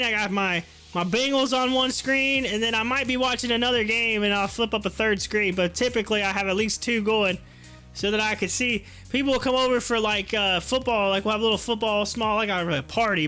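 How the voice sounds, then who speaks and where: A man hosting a casual stock market livestream, chatty and excitable, laughing often as he talks. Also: high voice, smooth. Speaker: stock market livestream host and youth football coach.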